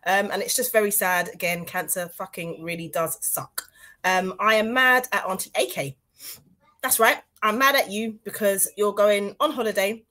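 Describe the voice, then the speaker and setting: A woman's voice: medium pitch, fairly bright tone. A woman of Grenadian heritage co-hosting a podcast, playful and teasing in casual chat. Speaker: podcast co-host.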